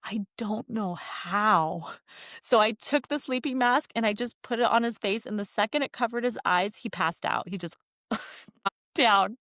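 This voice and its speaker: A woman, a company founder chatting as a guest and telling lively travel anecdotes with frequent laughs. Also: fairly high pitch, normal speed, no room sound, clean studio sound. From United States. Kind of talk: casual interview chat.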